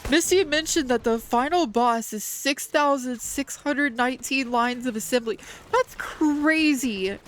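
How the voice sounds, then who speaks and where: Excitable woman streaming a game. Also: fairly high pitch, slight background noise. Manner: excitable, swears often, talks to chat while playing. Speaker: VTuber streamer. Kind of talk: gaming livestream chat.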